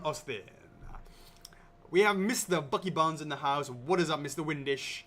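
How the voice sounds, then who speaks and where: A man's voice: a little high, normal speed, sharp tone, slight background noise. A man co-hosting a live stream, upbeat and cheery, rattling off greetings to viewers by name in casual chat. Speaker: livestream co-host.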